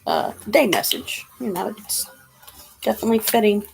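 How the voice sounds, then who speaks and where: A woman's voice: medium pitch, moderate pace, gravelly, soft background music, low-quality recording. A woman giving a casual tarot card reading, chatty and rambling, with lots of fillers. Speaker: tarot reader.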